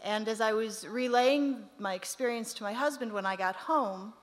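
A woman's voice: on the high side, moderate pace. A middle-aged woman, a seminarian, telling a humorous personal story in a church service and laughing often. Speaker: seminarian sharing her story. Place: church sanctuary. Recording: echoey hall with faint noise.

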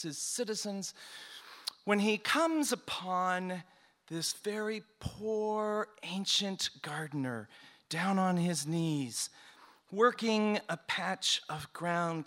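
Slow, bright-voiced male storyteller. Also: high-pitched. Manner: slow, deliberate and expressive. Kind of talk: oral folk-tale storytelling.

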